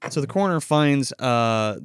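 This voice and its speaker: Animated man retelling movie plots. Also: medium pitch, normal speed, smooth, no echo, clean studio sound. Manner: animated plot retelling with heavy swearing. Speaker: podcast co-host. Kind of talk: casual movie review chat.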